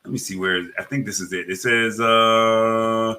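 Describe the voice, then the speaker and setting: A man talking tech news in a casual live podcast chat, halting, with many fillers and restarts. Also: low-pitched, sharp tone, a little hiss or hum.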